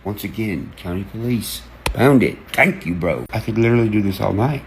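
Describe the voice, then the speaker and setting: Gravelly man on a profane rant. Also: on the low side, moderate pace, slight background noise. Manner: excited, profane, jumps between topics, acts out quotes. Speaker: online creator. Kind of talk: rambling rant to camera.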